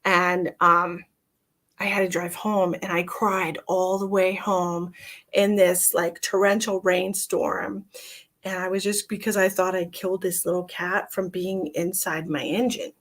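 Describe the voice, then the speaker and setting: A woman's voice: little pitch movement, a little slow, fairly bright tone. A middle-aged woman hosting a live psychic reading stream, chatting casually to viewers and sometimes cooing at her cat. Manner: chatty, breaks into high-pitched baby talk calling her cat. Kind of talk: casual livestream chat.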